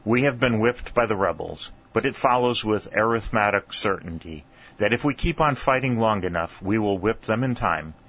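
A man's voice: fairly low pitch, expressive, moderate pace, fairly bright tone, muffled recording. A man reading as a precise, bookish young soldier. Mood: precise, dry. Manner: precise, formal, pedantic diction.

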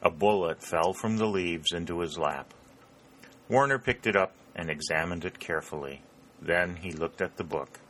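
A man narrates an audiobook in a deep, measured voice. His tone is bright and clear, with a faint hiss underneath.

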